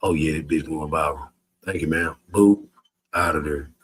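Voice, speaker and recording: A man's voice: very deep voice, fairly even intonation, normal speed, a bit bright, slight background noise. A man in a profane livestream rant, cursing heatedly and mocking his critics with bursts of laughter. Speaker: social media streamer.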